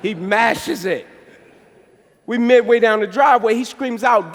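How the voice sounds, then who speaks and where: High-voiced energetic man speaking in a hall. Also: unhurried. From United States. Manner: energetic, passionate storytelling. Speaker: motivational speaker. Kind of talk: inspirational speech. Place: large banquet hall. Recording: echoey hall.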